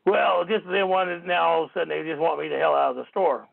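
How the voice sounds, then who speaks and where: Indignant gravelly man on a tinny phone line. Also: a little high, fairly even intonation, fast. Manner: rambling, indignant, swears casually. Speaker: radio talk show host. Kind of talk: call-in radio monologue.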